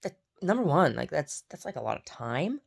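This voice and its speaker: A woman's voice: low-pitched, sing-song, normal speed, gravelly, husky. A woman who paints, chatting casually to camera in a rambling way, often repeating herself. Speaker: painter vlogging her day. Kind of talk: casual chat.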